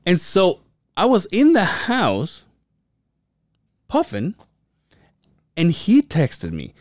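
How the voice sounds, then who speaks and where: A man around forty spins a profane story for a podcast, acting out each quoted line. His voice sits fairly high and jumps around a lot. The sound is close and dry. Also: drawn-out words, dry recording. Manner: profane, animated storyteller who acts out quotes. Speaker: podcast co-host. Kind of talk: casual storytelling chat.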